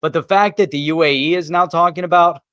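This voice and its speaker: A man's voice: on the high side, fairly even intonation, quick pace, fairly bright tone, no room sound. Chatty man with a dry close sound. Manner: laughs often, chatty. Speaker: co-host of a live crypto show. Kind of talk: casual chat.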